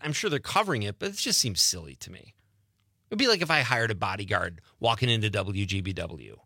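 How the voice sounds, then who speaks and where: Reading out listener messages and telling animated, jokey stories, this Wisconsin-accented man hosts a laid-back radio talk show. His pitch is medium and his speed normal. It's studio-quality audio without any echo.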